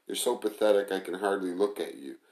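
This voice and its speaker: A man's voice: low voice, a little fast, darkish tone, reverberant, low-quality recording. A man doing a scornful bossy chef. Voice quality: contemptuous, bossy and blunt. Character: scornful, brash male restaurant manager and chef.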